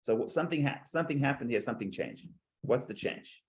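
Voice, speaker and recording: A man's voice: mid-range voice, lively intonation, a little fast. A man teaching a text study class, reading verses aloud and explaining them, often repeating words as he thinks.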